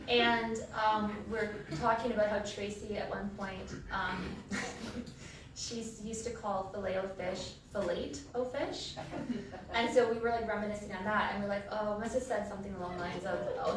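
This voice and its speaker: A woman giving a eulogy for her sister, telling funny stories and laughing through them. She is heard from a distance in a very echoey funeral chapel. There is steady background noise under her voice. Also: medium pitch. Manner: storytelling, laughing through memories. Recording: echoey hall from far off, noisy.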